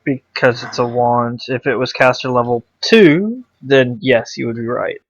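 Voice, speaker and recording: A man's voice: medium pitch, a little slow, no room sound. Man, tabletop player, casual and mumbly, dry sound, dull lo-fi recording.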